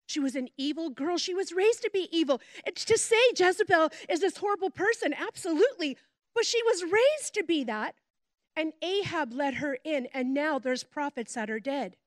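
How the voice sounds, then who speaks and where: A middle-aged woman, a pastor's wife, preaching a sermon with animated storytelling and chatty asides. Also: high-pitched, normal speed, no room sound, studio quality.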